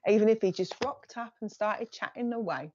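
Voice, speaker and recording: A woman's voice: medium pitch, normal speed, darkish tone. Chatty woman medium, lo-fi stream. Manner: chatty, relays messages in bursts, thanks viewers by name. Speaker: psychic medium giving live readings. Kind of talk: live-stream reading to viewers.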